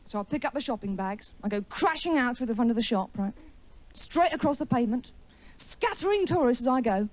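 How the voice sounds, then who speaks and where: Performing stand-up in a TV studio before a live audience, a woman tells a story with chatty, wry self-mockery and teases the crowd. Her voice is a little high with a darkish tone and lively intonation, and she talks briskly with hardly any pauses.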